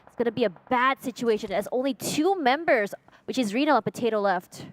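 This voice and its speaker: A woman giving live play-by-play commentary on an esports match, brisk and animated, with sharp excited exclamations. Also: on the high side, a little hiss or hum. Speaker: esports caster.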